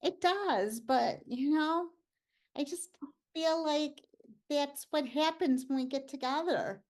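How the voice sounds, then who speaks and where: A woman in a live improv scene, playing a shy, easily stressed woman who wants quiet, speaking hesitantly with trailing phrases. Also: high voice, slow pace. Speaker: improv performer.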